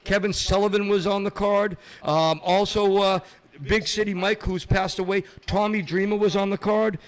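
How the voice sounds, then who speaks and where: Middle-aged podcast guest, high-pitched and lively, tells stories and acts out other people's voices. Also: male voice, moderate pace, clean tone. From Massachusetts. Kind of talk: storytelling in a casual chat.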